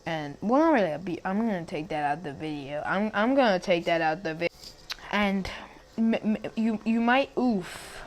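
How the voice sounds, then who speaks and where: A woman's voice: mid-range voice, animated, normal speed. A young woman tells a story in a loose, conversational way. She trips over her words, restarts her sentences and drifts into side remarks. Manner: rambling, many restarts and asides. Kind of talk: casual storytelling.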